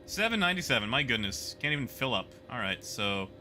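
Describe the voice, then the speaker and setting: A man streaming a space game, chatting casually with his viewers as he plays. He rambles and mocks himself, with a bright, forward tone in a middle pitch. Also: very animated, brisk, slight background noise. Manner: rambling, self-mocking.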